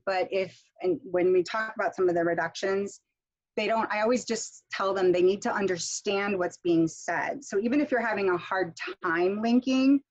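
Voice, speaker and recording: Woman teaching pronunciation over a dull line. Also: medium pitch. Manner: explains and demonstrates intonation patterns with example sentences; casual, filler-heavy delivery with frequent "okay?". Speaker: pronunciation instructor. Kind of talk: online workshop presentation.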